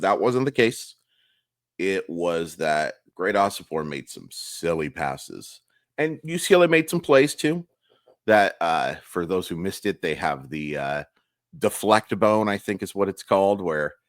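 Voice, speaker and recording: Young male host, low raspy and hoarse, frank rambling sports recap, dry room. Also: no room sound. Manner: candid, frustrated, rambling with restarts. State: hoarse, losing his voice. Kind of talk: casual solo game recap. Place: home room, early morning.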